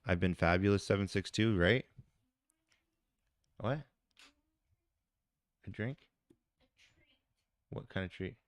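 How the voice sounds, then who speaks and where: Male streamer, Canadian accent, low clear voice, dry close phone audio, loose chat with viewers. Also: slow, pauses often, dry recording. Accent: Canadian English. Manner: chatty, talks to viewers in the chat. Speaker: live streamer. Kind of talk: casual live-stream chat.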